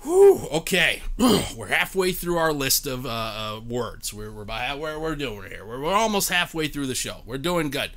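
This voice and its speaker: A man's voice: mid-range voice, sing-song, moderate pace, few pauses, a bit bright. A man in his thirties hosting a live-streamed game show, joking and chatting with viewers by name.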